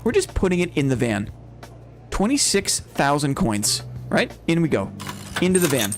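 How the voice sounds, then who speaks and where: A man's voice: fairly high pitch, very animated, normal speed, over music. A young man chatting casually and rambling to his viewers while he plays a game. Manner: chatty, rambling, addresses chat as brother. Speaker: streamer. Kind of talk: casual gameplay chat to viewers.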